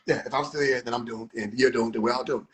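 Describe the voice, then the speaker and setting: A man voicing a calm male believer who gives slow, flat, resigned replies. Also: mid-range voice, heavy background noise, voice pushed down, lightly acted.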